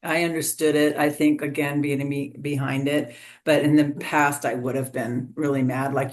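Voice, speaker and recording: A woman with a Californian Valley accent in a casual book group discussion, reflective and quick-spoken. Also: low voice, level tone. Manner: reflective, talks quickly with fillers.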